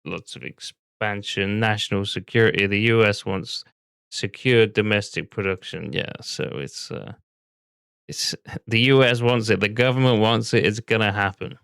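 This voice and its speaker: A man's voice: lowish voice, normal speed, vocal fry, a bit bright, clear, resonant tone, dry recording, studio quality. A man, casually reacting to a stock video and bluntly swearing at his computer.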